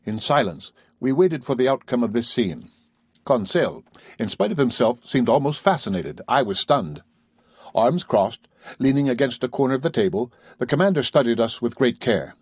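A male narrator reads a classic novel in a steady, even audiobook style. His voice is somewhat husky at a middle pitch. The recording is dry and close, with no room sound. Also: normal speed, dry recording.

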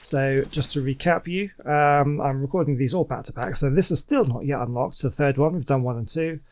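A man's voice: mid-range voice, brisk. Chatty man narrating his gameplay. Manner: chatty, rambling, many fillers and restarts, excitable. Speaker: let's play gamer. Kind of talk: casual gameplay commentary.

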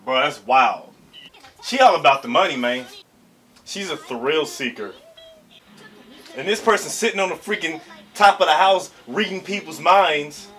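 A young man hosting an anime reaction, chatting casually in slang and breaking into excited shouts. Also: a little high, a little slow, pauses often.

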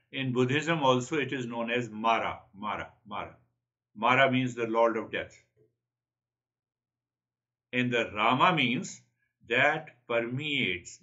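A man's voice: mid-range voice, pushed and bright, muffled recording. A man giving a spiritual talk, earnest and repeating his key phrases. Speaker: spiritual teacher.

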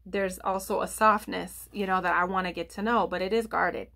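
A woman's voice: mid-range voice, fairly even intonation, fairly quick, few pauses, fairly bright tone. A woman giving a casual tarot reading to viewers, rambling with lots of fillers, restarts and "I feel like.". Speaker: tarot reader.

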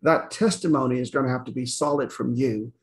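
A man's voice: mid-range voice, a little fast. A man giving an informal Bible lecture, talking conversationally with many fillers and frequent "okay?" check-ins, retelling scripture in casual paraphrase. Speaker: Bible teacher.

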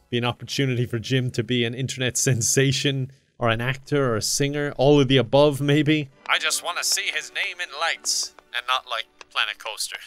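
A man's voice: mid-range voice, fairly bright tone. A young man giving casual gameplay commentary, often laughing, swearing and joking with the characters on screen. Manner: talks to game characters in silly mock voices. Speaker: gaming commentator.

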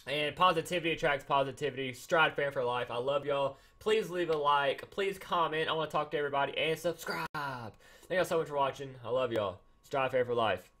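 A man giving casual, excitable gameplay commentary, repeating himself and acting mock-angry. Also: fairly high pitch, fairly quick. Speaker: gaming YouTuber.

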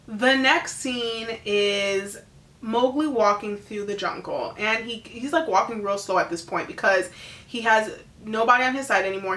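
Recapping a film she's just seen, a woman talks in a chatty, filler-heavy way and slips into quick, animated impressions of the characters. She has a mid-range voice, and the sound is roomy.

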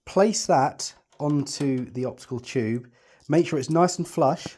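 Chatty man, husky and mellow. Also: fairly high pitch, unhurried. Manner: chatty, reassuring, thinks aloud while working. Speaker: telescope tutorial presenter. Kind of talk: hands-on setup tutorial.

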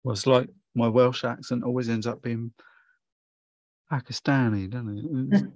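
A man's voice: mid-range voice, fairly even intonation, moderate pace, darkish tone, dry recording, muffled recording. A man giving a casual watercolour painting demonstration, chatty and rambling as he thinks aloud. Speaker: watercolour tutor.

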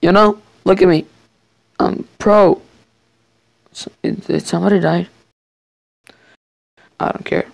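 Man gamer, casual play commentary, gravelly and unhurried, jokey bragging and frequent swearing, dry close sound. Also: sits high, no echo. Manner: excitable, swears, jokingly boasts. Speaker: gamer playing a survival match. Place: his bedroom.

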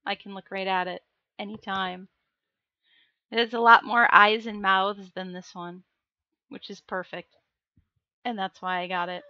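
A woman's voice: mid-range voice, level tone, a little slow, long pauses, sharp tone, dry recording, muffled recording. A woman reading a novel aloud on a livestream, breaking off for jokey chats with her viewers. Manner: jokey, chatty asides to chat. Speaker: livestream book reader.

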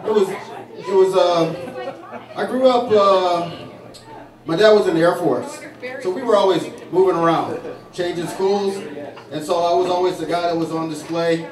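A man working a saloon stage as a stand-up comic, rambling through his stories with fillers and restarts. His voice sits fairly high. The recording is distant and echoey, with a crowd audible around him. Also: normal speed, long pauses. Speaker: stand-up comedian. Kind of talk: stand-up routine. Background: audience laughing.

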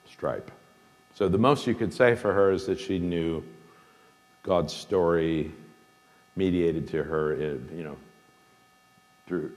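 A man giving an informal talk as a guest speaker, thoughtful and emphatic, pausing with fillers and restarting his phrases. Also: low-pitched. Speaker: guest speaker, seminary dean. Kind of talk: informal lecture with questions. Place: large hall. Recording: hall with long reverb.

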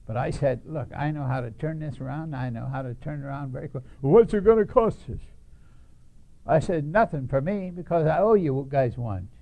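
A man's voice: medium pitch, gravelly, warm tone. An older man telling his life story to an audience in a blunt, folksy way, chuckling at his own punchlines.

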